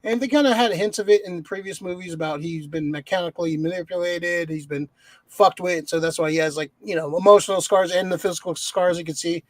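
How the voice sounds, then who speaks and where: High-voiced swearing podcast guy. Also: fairly even intonation, fast talker, dry recording. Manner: swears a lot, rambling with many fillers. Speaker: podcast co-host. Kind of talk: casual movie review chat.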